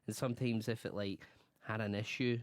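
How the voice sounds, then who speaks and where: A man's voice: fairly low pitch, fairly even intonation, a little fast, dry recording. A man co-hosting a radio show, answering in short dry lines and teasing his co-host. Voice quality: dry, teasing, brief replies. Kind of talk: casual radio chat. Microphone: studio mic. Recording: dry close studio sound.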